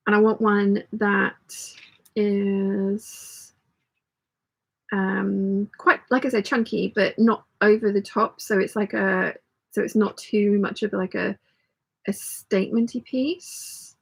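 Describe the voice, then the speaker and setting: A woman's voice: mid-range voice, fairly even intonation, slow, creaky, husky, poor audio. A woman hosting a casual sewing live stream, chatting and rambling as she thinks aloud and answering viewer comments. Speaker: sewing channel host.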